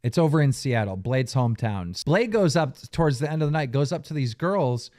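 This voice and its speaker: A man hosting a podcast, telling animated stories and laughing often. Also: mid-range voice, a little fast. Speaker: podcast host. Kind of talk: casual storytelling.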